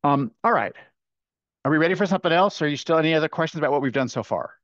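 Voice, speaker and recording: A man giving an animated, chatty webinar lecture, full of fillers and restarts, as a workshop presenter. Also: on the high side, racing, dry recording. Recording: dull lo-fi webinar audio.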